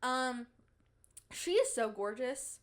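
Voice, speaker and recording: A woman's voice: high voice, animated, slow pace, fairly bright tone. A young woman hosting a podcast in casual chat, playful and giggly, bragging in a mock-dramatic way. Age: young adult. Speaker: podcast host.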